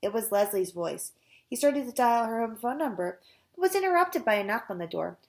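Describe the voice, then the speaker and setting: A woman's voice: fairly high pitch, lively intonation, fairly quick. Woman teacher reading a chapter book to her class, casual and chatty. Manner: casual, chatty asides to students. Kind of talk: reading a children's book aloud.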